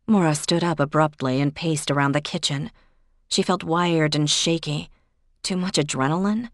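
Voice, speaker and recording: A woman reading a mystery audiobook aloud in an even, steady way. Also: deep voice, moderate pace, dry recording, studio quality. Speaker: audiobook narrator. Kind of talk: scripted narration.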